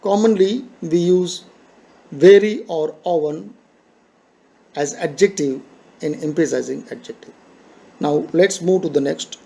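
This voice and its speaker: This is a high-pitched man, giving a grammar lesson. He speaks slowly and patiently, restating each rule in simple words. His voice is mellow and soft-edged. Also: gravelly. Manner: patient, repeats points slowly, simple explanatory phrasing. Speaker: teacher.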